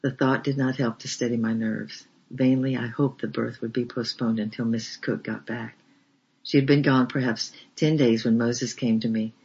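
Gravelly, husky man reading a memoir. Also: medium pitch, steady tone, moderate pace, a little mellow. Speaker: audiobook reader. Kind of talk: storybook narration of a memoir. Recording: dull lo-fi recording.

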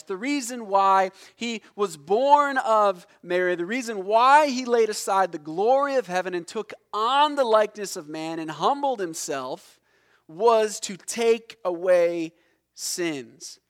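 A man preaching a sermon in a fairly high voice, taking his time over each phrase. He explains the meaning of words with emphasis and lets key words fall low and quiet. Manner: explains word meanings slowly and deliberately. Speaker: pastor.

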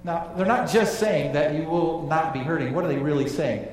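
A man preaching a sermon, emphatic, dropping low and quiet on key phrases. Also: a little fast, recorded from a distance, slight background noise. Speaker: pastor. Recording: echoey hall, voice from off-mic.

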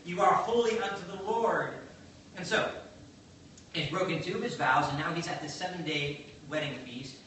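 A man preaching a sermon in an animated, conversational way, telling a story and acting out the quotes. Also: a little high, moderate pace, slight background noise. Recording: very echoey, distant mic, faint ambience.

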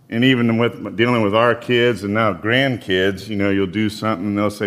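A man in his fifties preaching a sermon, telling folksy personal stories in an unhurried way and reading scripture. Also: on the low side, fairly bright tone. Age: 50s.

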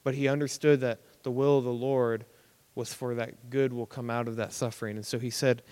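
Young man, preacher, casual sermon, animated, mid pitch, reverberant hall. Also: a little fast. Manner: conversational, animated, acts out reactions.

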